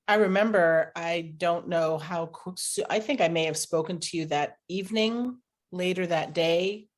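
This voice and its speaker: A woman co-hosting a podcast, calmly recalling an event in a measured way. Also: lowish voice. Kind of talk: casual podcast chat.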